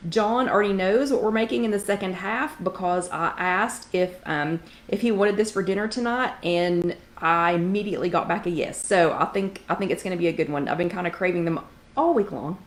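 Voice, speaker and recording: A woman's voice: lowish voice, fairly quick. Chatty woman hosting a livestream. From Knoxville, Tennessee. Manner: chatty, greets viewers by name, frequent "um". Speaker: livestream host. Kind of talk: casual live-chat greetings.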